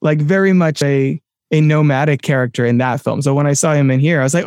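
A man co-hosting a casual film podcast, talking in an animated way with many restarts and sudden bursts of excitement. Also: on the high side, quick pace, few pauses, no echo, clean studio sound. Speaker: podcast co-host.

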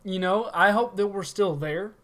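A man's voice: sits high, moderate pace, pushed and bright. A man co-hosting a podcast in casual chat, blunt and joking, arguing his point. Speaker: podcast co-host.

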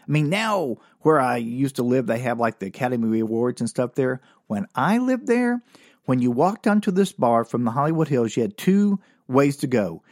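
Male podcast host, rambling comic storyteller, medium pitch, dead-dry sound. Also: a little mellow, no room sound. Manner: rambling, profane, self-mocking.

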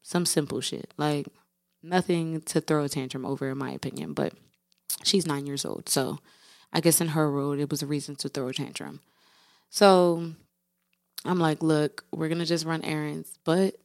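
A woman's voice: on the low side, a little mellow, no room sound, studio quality. A woman podcast host telling a candid, profane story in casual monologue, talking to her listeners as "y'all".

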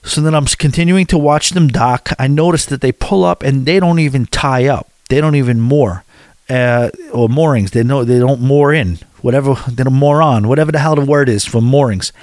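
A man's voice: mid-range voice, fairly quick, darkish tone, dry recording. A middle-aged American man casually recounting his evening out, rambling with restarts and chatty asides. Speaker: vlogger recounting a cruise stop. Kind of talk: casual storytelling.

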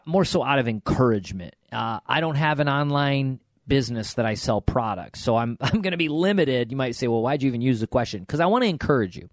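A middle-aged man with a medium-pitched voice co-hosts a podcast, recorded dry. He tells stories and offers encouraging advice in a casual manner, often restarting his sentences.

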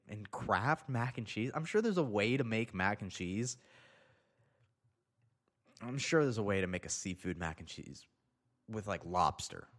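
A man ranting on his show in a sarcastic, profane comedic style, swearing freely. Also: fairly low pitch. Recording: long reverb.

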